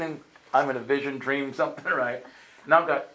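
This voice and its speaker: The audio is poor, but the man's medium-pitched voice comes through brisk, pushed, and bright, with a steady tone. Preaching in a conversational manner, he tells his personal testimony as sermon storytelling, dramatically acting out quoted lines and often checking in with "right?".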